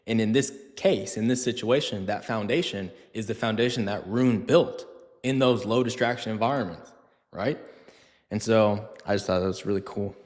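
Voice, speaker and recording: Speaking at a moderate pace in a fairly low voice, this man trains dogs and fields viewer questions during a loose live stream. The room sounds big, and his chatty talk is full of fillers and funny voices as he acts out scenes.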